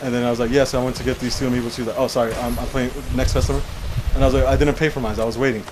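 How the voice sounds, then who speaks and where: A man's voice: medium pitch, flat delivery, racing, noisy background. A young man co-hosting a casual chat show, telling a long rambling story and often saying "how you call it". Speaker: podcast co-host.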